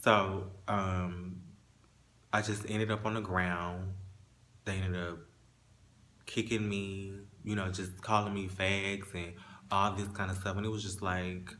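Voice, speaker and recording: Low-voiced man holding back tears. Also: level tone, pushed and bright, a little hiss or hum. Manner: halting, with restarts, emotional. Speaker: vlogger telling a personal story. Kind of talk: casual storytime monologue.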